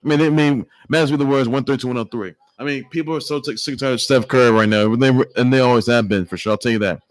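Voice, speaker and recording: A man's voice: mid-range voice, very fast. A man doing a casual sports vlog, trash-talking and repeating himself with lots of filler words. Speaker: sports vlogger.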